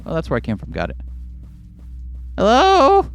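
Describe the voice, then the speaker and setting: Joking let's-play commentator, very lively pitch, soft music underneath. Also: normal speed, poor audio. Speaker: game player.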